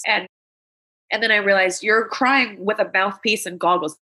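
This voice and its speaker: A woman's voice: medium pitch, fairly even intonation, normal speed, pushed and bright. A woman comedian from Los Angeles, telling stories as an interview guest in a blunt, candid way with plenty of swearing. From Los Angeles, USA. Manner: blunt, profane, candid storytelling. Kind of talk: casual interview chat.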